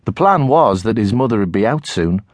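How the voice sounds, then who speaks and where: A middle-aged man with a Tyneside accent narrating a children's novel in the first person, expressive storytelling. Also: lowish voice, moderate pace, no echo, studio quality. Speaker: audiobook narrator.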